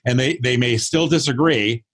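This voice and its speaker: Man in his 60s, mid-pitched, reflective podcast guest, acts out quotes. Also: moderate pace, fairly bright tone. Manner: thoughtful, acts out quoted dialogue. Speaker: podcast guest, performance consultant. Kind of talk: casual interview talk.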